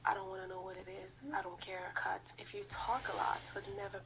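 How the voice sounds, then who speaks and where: A woman in a played video clip, listing dating dealbreakers in a gravelly whisper. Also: mid-range voice, completely flat delivery, a little fast, crowd noise, low-quality recording.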